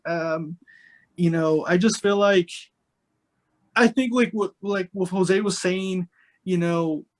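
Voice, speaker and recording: High-voiced man rambling in a podcast chat. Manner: rambling, many fillers and restarts. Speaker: podcast co-host. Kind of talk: casual podcast discussion.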